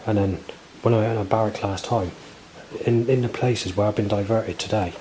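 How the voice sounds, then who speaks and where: Brief: man in his 40s, lowish voice, agitated, ranting and swearing, loud street noise behind. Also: steady tone, moderate pace, low-quality recording. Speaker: vlogger. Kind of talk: rambling spoken monologue.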